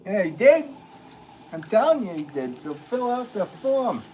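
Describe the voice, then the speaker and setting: A man's voice: sits high, sing-song, unhurried, a little hiss or hum, voice pushed up, poor audio. A man putting on a pushy New Jersey accent, playing a hot-headed man on the phone arguing about an insurance claim. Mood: indignant. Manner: loud, pushy, insistent.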